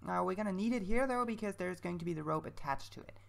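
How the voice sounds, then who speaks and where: A woman with a lowish, gravelly voice chats through her gameplay, thinking aloud as she goes. Her commentary is casual and self-mocking. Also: fast talker. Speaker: let's-play creator.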